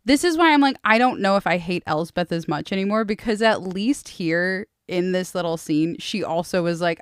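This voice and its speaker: A woman co-hosting a casual book-club podcast, sarcastic and animated, swearing freely. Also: mid-range voice, moderate pace, few pauses, clean tone, no echo, studio quality. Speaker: podcast co-host.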